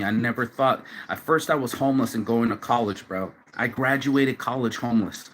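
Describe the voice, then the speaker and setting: A man's voice: mid-range voice, moderate pace, hardly any pauses, a little hiss or hum. An emotional man talking outdoors in a rambling vlog monologue, restarting phrases and swearing casually. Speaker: vlogger. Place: outdoors, sitting on a bench.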